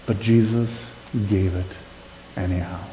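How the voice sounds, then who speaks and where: A man's voice: low voice, steady tone, measured pace, dark tone, echoey room, a little hiss or hum, poor audio. A man preaching a sermon to a congregation with passion, often asking them questions and checking they are with him. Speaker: pastor. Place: church sanctuary.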